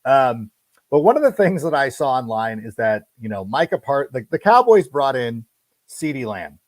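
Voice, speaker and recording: Animated man hosting a sports podcast. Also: medium pitch, no echo. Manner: animated storyteller, quick self-corrections. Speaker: podcast host. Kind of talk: casual sports podcast monologue.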